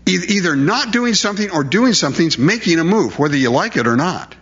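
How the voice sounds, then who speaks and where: Animated preacher man, husky voice. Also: high voice, fairly quick. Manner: animated, rhetorical questions, acts out quotes. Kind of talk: sermon. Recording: dull lo-fi recording.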